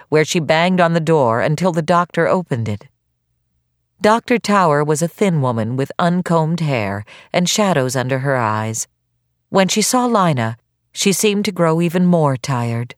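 A woman with a low voice reads an audiobook slowly and expressively, her pitch rising and falling freely. The recording is dry and close. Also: dry recording. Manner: unhurried, expressive reading. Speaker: audiobook narrator. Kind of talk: scripted narration. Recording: dry close studio sound.

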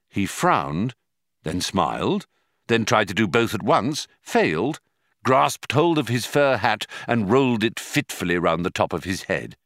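Male audiobook narrator, measured dry delivery, very lively pitch. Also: no room sound. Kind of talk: scripted narration.

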